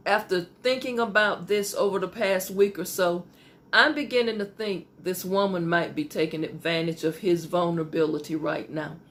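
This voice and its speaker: A woman pastor hosting an advice show, reading listener letters and talking in a conversational way, repeating phrases for emphasis. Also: on the low side.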